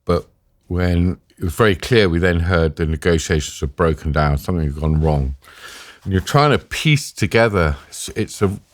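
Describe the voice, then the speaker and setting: A middle-aged British man, a podcast guest, telling a story in a lively way with many restarts and acted-out quotes. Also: deep voice, normal speed, no room sound. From Britain. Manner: vivid storyteller who acts out quoted voices, with many restarts. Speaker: podcast guest, war journalist. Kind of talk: casual storytelling interview.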